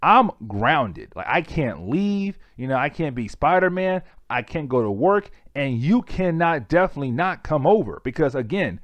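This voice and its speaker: A man's voice: on the high side, sing-song, moderate pace, few pauses, no room sound. A man voicing an anxious teenage boy hero, exasperated and insistent.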